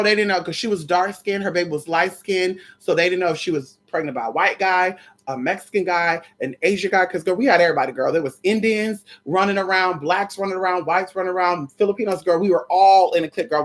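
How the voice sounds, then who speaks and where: Sassy woman telling a story to viewers. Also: lowish voice. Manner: sassy, animated, addresses viewers as "girl" and "y'all". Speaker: storyteller vlogger.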